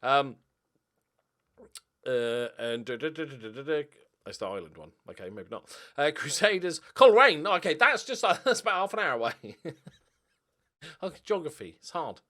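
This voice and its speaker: A man's voice: fairly high pitch, sing-song, normal speed, long pauses, bright, forceful tone. A young man giving casual, joking commentary on his game, swearing freely and rambling through asides. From Northern Ireland. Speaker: gaming YouTuber.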